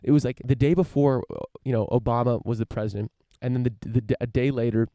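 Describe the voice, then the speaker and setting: Fast and warm, with fairly even intonation at a medium pitch, a man from the United States hosts a podcast and rambles through his opinions. He uses many fillers and restarts and swears casually, all captured in clean studio sound with no room sound.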